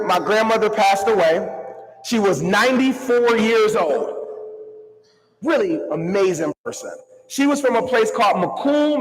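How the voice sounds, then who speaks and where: A man giving an energetic motivational keynote to a live crowd, calling on the audience to answer and move along with him. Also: high voice. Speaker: motivational speaker. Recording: long hall reverb.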